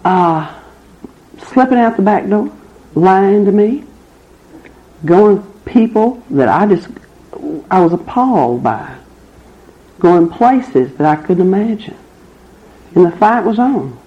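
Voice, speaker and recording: A woman's voice: lively intonation, takes it slowly, pauses often. A middle-aged woman, speaking at a recovery meeting, candid and wry as she tells her own story. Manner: candid, wry, with laughs through hard memories. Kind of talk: personal testimony talk. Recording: muffled low-fidelity recording.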